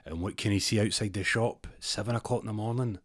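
A Scottish man telling a rambling comic story with deadpan asides. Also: fairly low pitch, fast, dry recording, studio quality.

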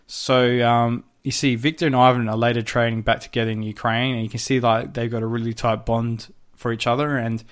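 A man's voice: medium pitch, flat delivery, a little fast, hardly any pauses. A man co-hosting a podcast in casual chat, recapping a film in a rambling way with restarts and casual swearing. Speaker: podcast co-host.

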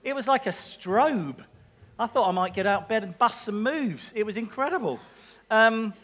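A man with a notably high voice gives a relaxed, humorous sermon. He moves easily between scripture and jokey side remarks about his own life. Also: normal speed. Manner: chatty and self-mocking, with asides and laughs. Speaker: preacher.

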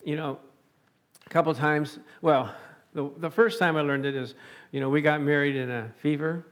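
A man preaching a sermon, animated and chuckling often, calling out to his congregation. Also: on the high side, normal speed.

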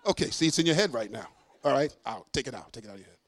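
A middle-aged man giving a sermon testimony as a preacher and singer, telling a story in a lively way, acting out dialogue with self-mocking humor. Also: medium pitch, very fast, no room sound.

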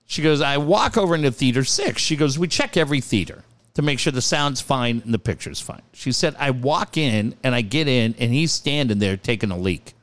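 A man's voice: mid-range voice, brisk. A middle-aged man hosting a radio show, telling profane stories in a casual chat and acting out the quotes. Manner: animated storyteller, profane, acts out quotes. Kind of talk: casual talk radio storytelling.

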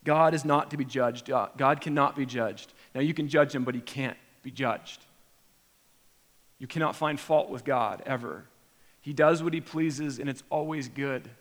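A man delivering a sermon in a mid-pitched voice that carries a long reverb, as from a large hall. He is animated, often acting out imagined prayers with sudden jumps in pitch and loudness, then dropping back to a low, quiet tone. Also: unhurried. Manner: animated, acts out imagined prayers with sharp rises in pitch and volume. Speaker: pastor.

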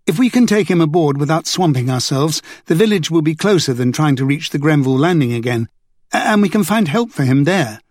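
A man's voice: on the high side, lively intonation, fairly quick, a little mellow, no room sound. A man voicing an urgent, resolute young woman in an audiobook. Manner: urgent, insistent.

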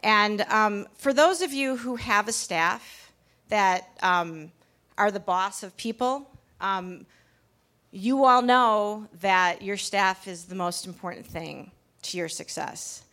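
A woman with a mid-range, sharp-toned voice speaks at a slow pace. She's a pastry chef giving a talk, sharing a candid personal story with a live audience in a packed bar, chatty and constantly restarting her sentences.

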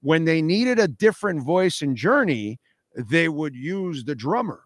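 A man's voice: a little high, sing-song, a little slow, dry recording, clean studio sound. A man hosting a radio show, talking casually and emphatically, often repeating himself as he argues a point. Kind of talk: casual talk radio chat.

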